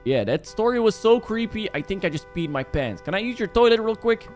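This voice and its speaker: A man doing joking, animated play-by-play commentary while playing a horror game. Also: sits high, fairly quick, soft background music. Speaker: gaming YouTuber.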